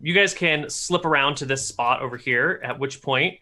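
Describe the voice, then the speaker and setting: A man's voice: mid-range voice, moderate pace. A man running a tabletop game, describing the scene and the characters' actions. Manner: descriptive, steady narration of scenes. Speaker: game master.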